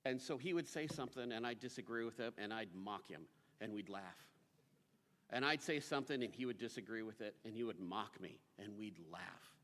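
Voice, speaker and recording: A man's voice: lowish voice, a little fast, a bit bright. A man reminiscing fondly about a friend in a memorial speech. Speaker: eulogy speaker. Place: memorial service hall. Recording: reverberant hall.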